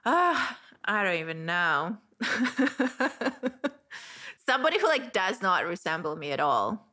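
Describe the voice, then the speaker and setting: A woman's voice: lowish voice, sing-song, a little slow, pushed and bright. A woman with a German accent hosting a casual interview, giggling often and hesitating with fillers. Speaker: host.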